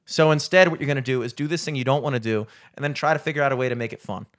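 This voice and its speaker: A young adult man co-hosting a podcast, chatting casually, rambling and swearing often. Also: racing. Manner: rambling, swears freely, animated swings in pitch. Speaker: podcast co-host. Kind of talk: casual chat.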